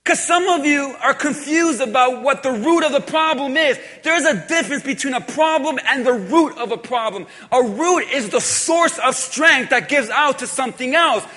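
High, bright-voiced man preaching in a hall. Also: moderate pace, few pauses. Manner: emphatic preaching, repetitive phrasing, drops to quiet intensity. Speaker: pastor. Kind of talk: sermon. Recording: long hall reverb.

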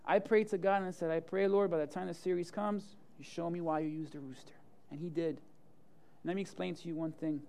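A young male pastor, preaching a sermon full of jokey personal stories and swinging from loud to hushed. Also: sits high, clear, resonant tone. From Hialeah, Florida area.

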